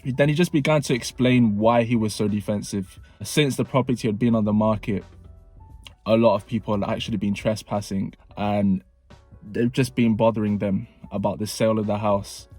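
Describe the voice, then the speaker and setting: Vlogger, man, animated storyteller, dry close sound, soft music underneath. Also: on the low side, normal speed, dry recording. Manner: animated storytelling, acting out dialogue. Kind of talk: storytime narration.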